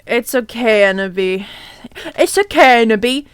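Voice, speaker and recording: A woman voicing a gothic male vampire boyfriend who turns from soft comforting to hissed curses. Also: sits high, expressive, unhurried, no echo, clean studio sound.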